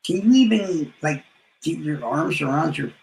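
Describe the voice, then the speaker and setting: A man brags and trash-talks his rivals on a live stream, profane and swaggering. His fairly high voice has a gravelly rasp and sounds roomy and echoey. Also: lively intonation, normal speed, a little mellow. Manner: boastful, profane trash talk with trailing mumbles. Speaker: livestreamer.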